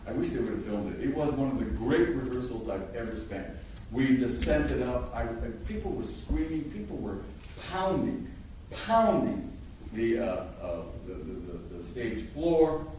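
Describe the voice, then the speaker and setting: An older man teaching acting before an audience, an animated storyteller who stammers and restarts and bursts into loud impressions. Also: mid-range voice, moderate pace, a little hiss or hum. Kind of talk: lively workshop talk. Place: large hall before an audience. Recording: echoey hall from far off.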